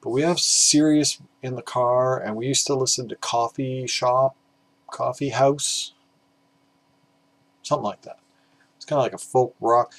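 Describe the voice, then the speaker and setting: A man's voice: mid-range voice, steady tone, unhurried, long pauses, rough recording. A man talking casually about vinyl records in a rambling, hesitant way, with plenty of fillers and the odd swear word. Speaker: record collector vlogger.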